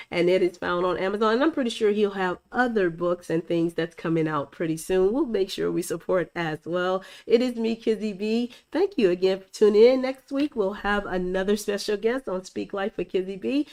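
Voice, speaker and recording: A woman's voice: medium pitch, moderate pace, hardly any pauses, darkish tone. A middle-aged woman hosting a faith-based interview show over a video call, effusive and encouraging, closing with a blessing. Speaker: host. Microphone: streamed video call.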